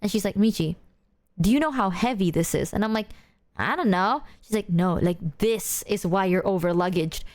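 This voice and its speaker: A woman streamer reacting to clips in casual stream chat, swearing freely while she tells an animated anecdote. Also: mid-range voice, fairly quick.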